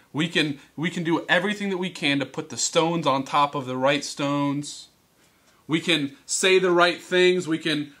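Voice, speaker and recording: A man preaching to teens, telling a Bible story with animated, teasing character voices. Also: fairly high pitch. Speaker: youth speaker. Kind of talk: youth sermon storytelling. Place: church hall.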